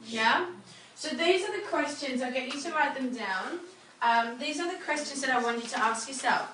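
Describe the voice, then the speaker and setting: A woman with a bright, forceful voice leads a group workshop, upbeat and encouraging. She sits a little high for a woman and sounds far from the mic in a roomy space with a faint hum behind her. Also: lively intonation, moderate pace. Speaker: wellness coach leading a workshop.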